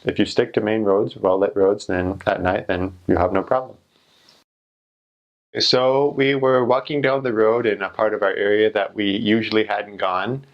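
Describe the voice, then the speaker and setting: A young man with a somewhat low voice tells a story, rambling and chatty. He leans on "like" fillers and loose restarts as he goes. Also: fairly even intonation, normal speed, muffled recording. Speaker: returned missionary. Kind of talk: casual storytelling.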